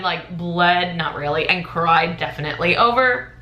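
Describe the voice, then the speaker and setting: A young American woman in her twenties vlogging, telling a story with animated, dramatic energy. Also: medium pitch, fairly quick. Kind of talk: casual storytime vlog. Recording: echoey room.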